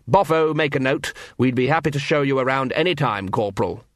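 Man putting on pompous clown leader, flustered, evasive, raised pitch, dry sound. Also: brisk, a bit bright, dry recording, natural voice.

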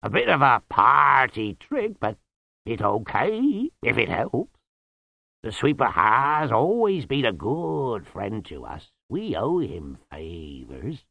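A huge, calm yeti from a storybook rumbles along in slow, loud, drawn-out phrases, as a man narrator puts him on. The delivery is unhurried and amiable. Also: vocal fry, husky, dry recording, highs cut off, full character voice. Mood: placid. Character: large gentle male yeti, calm and amiable.

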